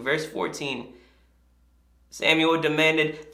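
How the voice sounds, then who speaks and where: A pastor preaching a sermon, retelling scripture in a conversational, animated way with casual asides. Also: mid-range voice, a little slow, echoey room.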